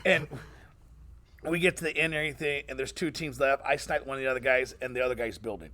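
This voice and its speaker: Fast-talking animated male streamer. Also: medium pitch. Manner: animated, acts out voices in his stories. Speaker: streamer and interviewer. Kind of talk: casual storytelling chat.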